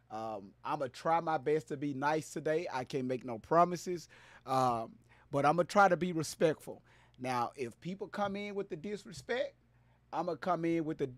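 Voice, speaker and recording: A man hosting a casual live stream, loud and playful, hyping up his viewers and greeting them by name. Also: a little high, no room sound.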